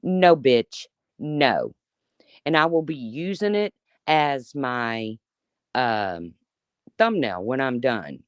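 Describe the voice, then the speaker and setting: A woman's voice: rumbling low, lively intonation, takes it slowly, long pauses, smooth, dry recording, clean studio sound. A woman in her fifties giving an angry, profane, sarcastic rant on a live stream. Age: 50s. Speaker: YouTuber.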